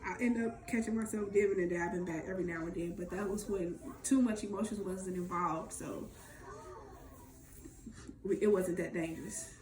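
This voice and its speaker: A woman's voice: lowish voice, steady tone, normal speed, roomy sound, background noise. A woman candidly telling her own story in a raw, emotional, profane way, as a vlog co-host.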